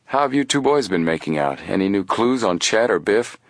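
A man voicing a gruff middle-aged male police chief in an audiobook, blunt and matter-of-fact. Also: on the low side, animated, fairly quick, no room sound, studio quality.

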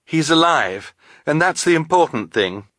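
A man reading aloud, voicing a steady, bookish teenage boy who speaks earnestly to console. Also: medium pitch, moderate pace, no room sound, clean studio sound. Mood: consoling.

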